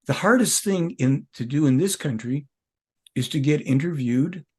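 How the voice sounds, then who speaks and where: A man's voice: a little high, lively intonation, moderate pace, a little mellow, slightly rough. An older man speaking as an interview guest, emphatic and rambling, often restarting his sentences. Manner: emphatic, rambling, with self-corrections. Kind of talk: conversational interview.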